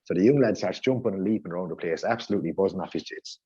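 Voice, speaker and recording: A man's voice: low voice, very fast, dark tone, breathy edge, no echo, muffled recording. A man with an Irish accent telling a rowdy, sweary story on a podcast. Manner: rowdy, swearing anecdote teller. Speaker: podcast panelist. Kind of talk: casual storytelling.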